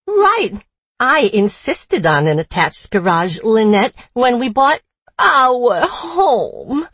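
A woman reading a story aloud and voicing a boastful, unhinged female murderer with a grating Boston accent and a loud, mocking delivery. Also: medium pitch, huge pitch swings, slow pace, no echo, full character voice. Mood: spiteful.

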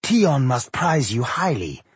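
A man voicing a malicious, cold male elf warrior who speaks slowly, softly and menacingly in an audiobook. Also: mid-range voice, very animated, slightly rough, no echo, voice pushed up, heavily acted. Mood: coldly mocking. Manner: slow, soft and menacing.

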